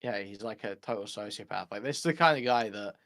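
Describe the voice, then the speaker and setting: A man calling into a livestream, talking casually in a halting way with many repeated restarts. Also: on the low side, a bit bright. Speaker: caller.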